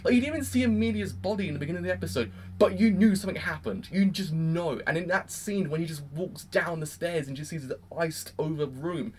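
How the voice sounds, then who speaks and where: A man giving a casual, rambling review of an anime episode, excitable and full of fillers. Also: fairly high pitch, brisk, hardly any pauses, a little hiss or hum. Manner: rambling and excitable, heavy use of "like".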